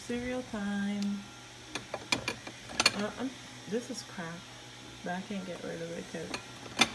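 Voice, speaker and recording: A woman's voice: mid-range voice, very noisy. A woman chatting casually in her day-in-the-life vlog as a mom, talking to her toddler and to the camera in her home kitchen. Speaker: vlogging mom. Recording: kitchen clatter of dishes and pans.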